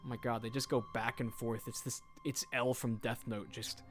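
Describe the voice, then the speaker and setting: A man's voice: medium pitch, flat delivery, moderate pace, soft background music. A man casually commenting while streaming a game, joking and reading in-game notes aloud.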